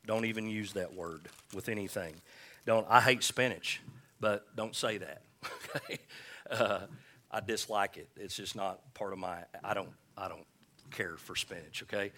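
Male pastor, lower register, pointed edgy delivery; casual preaching with jokes and call-and-response. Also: pushed and bright. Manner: folksy, joking asides, scripture read slowly. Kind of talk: conversational sermon with call-and-response.

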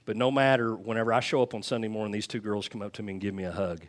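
A middle-aged man talks as a pastor to his church before baptisms. His voice sits a bit low, and he rambles warmly through restarts and little chuckles. He speaks into a handheld microphone. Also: steady tone, racing. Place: church sanctuary.

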